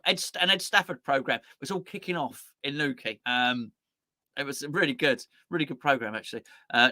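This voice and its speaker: A man hosting a live stream, rambling chattily and reading out viewers' messages, swinging between excited highs and low muttered asides. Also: no room sound, studio quality. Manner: rambling, chatty, talking to himself while reading out the chat. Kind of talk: casual live-stream chat.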